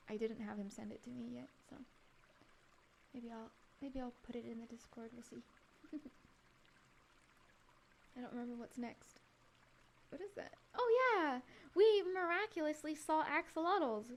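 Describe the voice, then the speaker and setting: A woman's voice: fairly high pitch, steady tone, moderate pace, vocal fry, pauses often, a little hiss or hum. A woman streamer chatting casually over her travel photos, giggling often and rambling with frequent restarts. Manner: giggly, laughs often between remarks. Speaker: live streamer.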